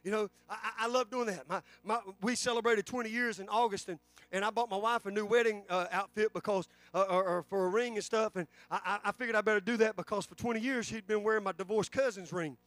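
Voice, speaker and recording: A man's voice: high voice, fairly even intonation, fast talker, a bit bright, no room sound, faint music behind. A man, preaching a sermon in a church with fervent delivery and frequent restarts. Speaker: pastor. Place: church sanctuary.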